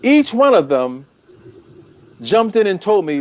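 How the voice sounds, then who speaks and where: Animated man coaching on love. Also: high-pitched, slow. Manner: animated, preacherly, repeats phrases for emphasis. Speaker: relationship coach guest. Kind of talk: casual talk-show chat. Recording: dull, lo-fi.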